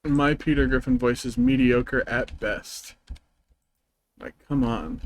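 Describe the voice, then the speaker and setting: A man's voice: mid-range voice, takes it slowly, a little hiss or hum, low-quality recording. A man streaming a game, chatting casually in a rambling, joking, self-deprecating way. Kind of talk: casual gameplay stream chat.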